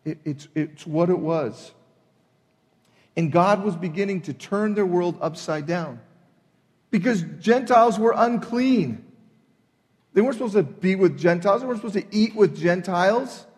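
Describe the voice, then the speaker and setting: A man preaching a sermon, emphatic and animated, acting out the people in his retelling. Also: high voice, moderate pace, big-room sound. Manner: emphatic, acts out voices in retelling. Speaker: pastor.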